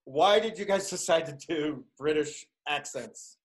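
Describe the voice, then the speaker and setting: A man hosting a casual interview, animated and teasing, laughing often. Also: on the high side, measured pace, rough recording. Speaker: host.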